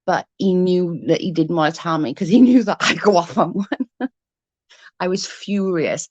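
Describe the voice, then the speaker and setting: A woman's voice: lowish voice, measured pace, darkish tone, dry recording. A woman in her thirties telling a story on her vlog in a casual, heated way, swearing freely and acting out what was said. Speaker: vlogger.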